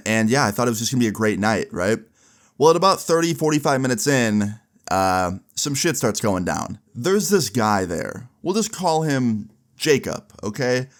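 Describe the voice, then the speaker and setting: A young man casually telling a personal story on his channel in an animated way, full of fillers. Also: fairly low pitch. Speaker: YouTuber.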